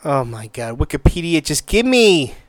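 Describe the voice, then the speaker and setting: A man hosting a solo podcast, gushing excitedly, cursing freely and stumbling over restarts. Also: fairly high pitch, normal speed, dry recording. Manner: excitable, gushing, swears a lot, stammers and restarts. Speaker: podcast host.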